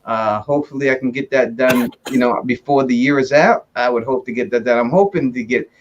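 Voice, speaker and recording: A man hosting a casual video chat, animated and joking, laughing often. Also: medium pitch, a little fast, muffled recording, a little hiss or hum. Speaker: host.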